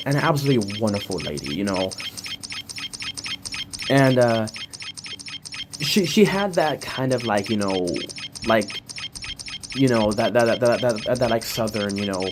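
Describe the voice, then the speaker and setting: A man from the US telling a casual story in a rambling way, with many filler words and restarts. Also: on the low side. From United States. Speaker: game streamer. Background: music.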